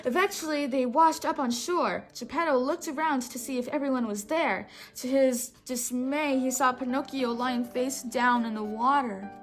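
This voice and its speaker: A woman's voice: sits high, moderate pace, hardly any pauses, low-quality recording. A woman reading a picture book aloud with a sore throat, often stumbling and rereading words. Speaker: storybook reader.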